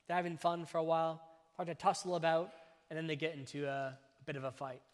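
A man's voice: a little high, little pitch movement. Male pastor preaching in a reverberant hall. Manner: measured, emphatic delivery with phrase-by-phrase pauses. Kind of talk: sermon. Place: church. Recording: long reverb of a church hall.

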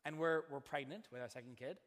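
Preacher telling a story in a hall. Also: male voice, mid-range voice, fast talker. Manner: animated storyteller who acts out quoted voices. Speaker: pastor. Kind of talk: sermon with storytelling. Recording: hall reverb.

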